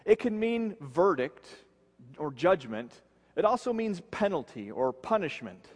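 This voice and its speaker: Pastor guy preaching slow n earnest, voice a bit high, drops low on the big words, long hall echo. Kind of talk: sermon.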